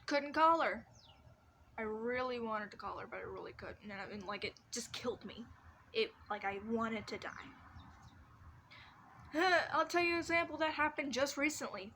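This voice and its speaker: A woman's voice: fairly high pitch, animated, moderate pace, bright, forceful tone, a little hiss or hum. A young woman in her teens telling personal stories in a casual vlog from her bedroom, rambling with many restarts and fillers. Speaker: vlogger.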